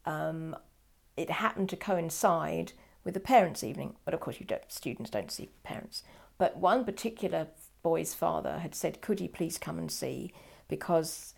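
A woman's voice: low-pitched, normal speed, vocal fry, hardly any pauses. An older woman telling a personal story in an interview, acting out quoted dialogue. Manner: animated, acts out quoted dialogue.

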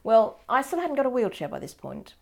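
A woman's voice: on the high side, very animated, brisk, creaky. An older woman telling her life story in an oral history interview, wry and digressive, often correcting herself mid-sentence.

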